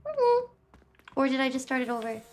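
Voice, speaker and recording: A woman's voice: high voice, moderate pace. A woman streamer chatting and reacting aloud as she plays, talking back to the game. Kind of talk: live game stream commentary.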